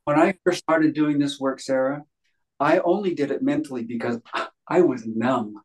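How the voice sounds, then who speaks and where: A man's voice: mid-range voice, normal speed, poor audio. Male interview guest, mid-range voice, earnest and insistent, conversational. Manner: earnest, emphatic, repeats phrases for stress.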